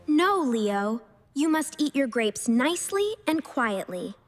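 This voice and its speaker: A woman voicing a sensible, bossy young girl in a slow cartoon story, scolding and urgent. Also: sits high, sing-song, full character voice. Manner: scolding, then urgent and frantic. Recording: reverberant room.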